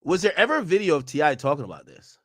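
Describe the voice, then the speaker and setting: A man's voice: a little high, lively intonation, rapid-fire, loud music behind the voice. A young man streaming casual reaction commentary in a slangy, joking way.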